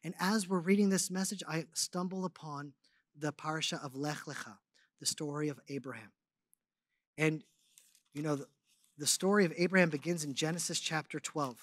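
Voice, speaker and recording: A man speaking to a congregation, telling a personal story and teaching, swinging between loud animated stretches and hushed ones. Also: fairly high pitch, moderate pace, no echo. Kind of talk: testimony and sermon.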